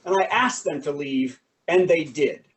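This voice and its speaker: A man doing stand-up comedy on a video call, telling lively jokes and stories. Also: fairly high pitch, a little slow, far from the mic, very noisy. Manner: animated, joking, lively storytelling.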